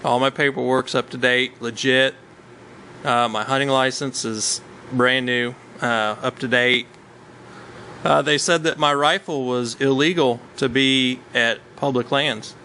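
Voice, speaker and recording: Guy telling a hunting story, lots of ums, kinda punchy bright voice. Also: mid-range voice, steady tone, unhurried, slight background noise, poor audio. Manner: rambling, with many ums and uhs. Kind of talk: casual storytelling chat.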